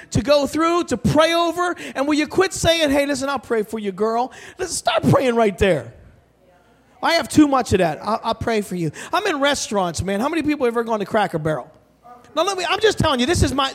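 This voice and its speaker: A male pastor preaching in an animated, joking storytelling way, breaking into shouts and laughter. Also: extremely high pitch, brisk. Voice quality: bald. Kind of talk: humorous storytelling sermon.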